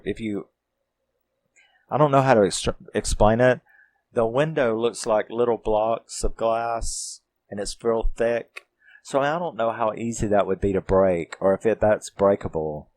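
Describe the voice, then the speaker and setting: A man recapping a horror film in a casual, profane and animated way. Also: on the low side. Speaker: film reviewer.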